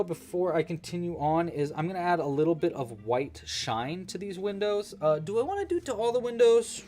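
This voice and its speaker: Casual male livestream host, joking and thinking out loud, very animated melody. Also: on the high side. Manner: chatty, joking, thinks aloud while working. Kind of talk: casual live crochet-along chat.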